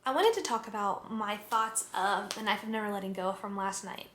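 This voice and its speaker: With a medium-pitched, fairly bright voice and a slightly quick pace, this young woman in her twenties casually vlogs at home in her kitchen and bedroom. She's a chatty, giggly student who uses lots of "like" fillers, and there's a little hiss or hum.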